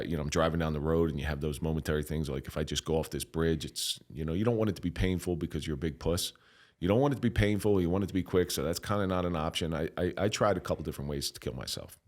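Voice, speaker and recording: A middle-aged man telling his own story as a podcast guest, candid and emotional, stopping and restarting often and swearing bluntly. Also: rumbling low. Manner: halting, emotional, frequent restarts.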